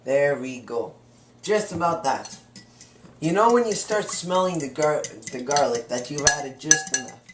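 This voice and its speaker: A man's voice: a little high, animated, a little slow, noisy background. A young man clowning through a home cooking demonstration in a playful, boastful, chatty way, as if hosting a comic cooking show. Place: home kitchen. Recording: roomy kitchen with clattering dishes. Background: faint clatter of cutlery and pans.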